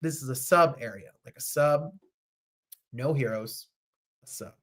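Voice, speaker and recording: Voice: mid-range voice, measured pace, fairly bright tone. New Jersey accent, chatty host, casual talk, reads viewer comments aloud.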